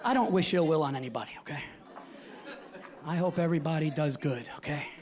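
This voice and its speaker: A male stand-up comedian performing on a theater stage, ranting with constant profanity and swinging from hushed asides to shouting. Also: on the high side, a little fast, crowd noise. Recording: live audience laughter and room noise.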